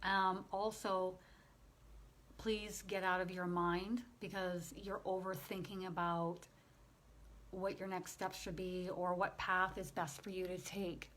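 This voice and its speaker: A woman working as a spiritual medium, passing on messages in a gentle, emotional way during a channeling session. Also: fairly low pitch, level tone, takes it slowly.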